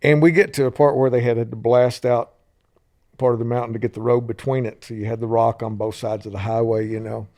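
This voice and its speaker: A man's voice: medium pitch, flat delivery, fairly quick, warm tone. A man with an Eastern Kentucky accent, a musician guest on a podcast, chatting casually and laughing easily while telling stories. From Floyd County, Kentucky. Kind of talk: casual interview chat.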